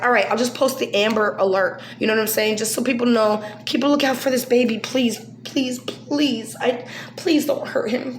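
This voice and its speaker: A woman talking casually to her viewers, upset and emotional, sighing between soft lines and loud bursts. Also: medium pitch, roomy sound, a little hiss or hum. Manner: emotional, swings from soft sighs to loud outbursts. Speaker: vlogger.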